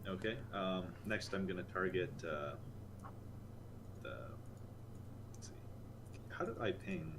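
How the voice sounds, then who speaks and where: A man's voice: low voice, takes it slowly, long pauses, fairly bright tone, a little hiss or hum. A man playing in a tabletop game, casual and a bit hesitant as he describes his attacks. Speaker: player.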